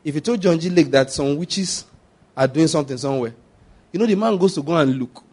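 Nigerian pastor, middle-aged, fairly high voice, lively storytelling sermon, repeats for emphasis. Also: male voice, brisk, husky. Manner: animated storytelling, acts out scenes, repeats points.

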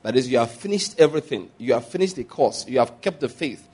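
A man's voice: mid-range voice, lively intonation, quick pace, a little mellow, slightly rough. A middle-aged man preaching a sermon, drawing the congregation into call-and-response and dropping humorous asides. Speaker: pastor.

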